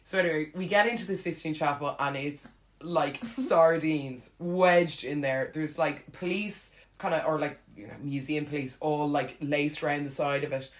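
Irish woman, low voice, chatty anecdote, laughs a lot, rambling storyteller for a chat show. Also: normal speed. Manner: animated, laughs often, filler-heavy.

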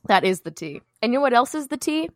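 A woman's voice: on the high side, sing-song, quick pace, no echo. Giggly woman, dry close podcast sound. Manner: giggly, teasing, playfully exasperated. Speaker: podcast co-host. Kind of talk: casual chat.

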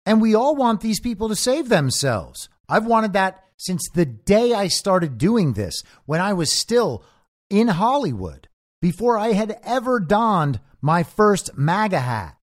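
A man hosting a podcast, delivering a sarcastic political commentary monologue. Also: measured pace. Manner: animated and sarcastic, with lively shifts in pitch. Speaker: podcast host.

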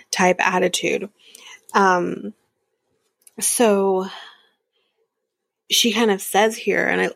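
Recapping a reality show on her podcast, a woman with a gravelly, mid-range voice keeps things chatty and candid. She laughs a lot and drifts into whispers now and then, all captured with no room sound.

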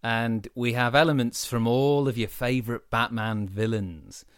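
A man co-hosting a podcast, full of puns and animated in casual banter. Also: medium pitch, a little slow, clear, resonant tone, no room sound, studio quality. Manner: punning, animated. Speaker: podcast co-host.

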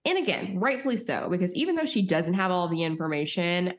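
A young woman with a slightly low voice co-hosts a casual podcast. She recaps reality TV in an animated, chatty way. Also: fairly quick. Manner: animated, acts out quotes with high voices. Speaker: podcast co-host.

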